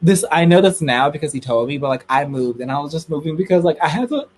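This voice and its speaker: A young man with a slightly high voice tells a gossipy story to his live viewers, dramatic and quick to squeal. He sounds like he is at home, streaming through a computer mic with a faint hiss behind him. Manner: dramatic, gossipy, swings to squealing highs when excited. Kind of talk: casual storytelling to a live audience.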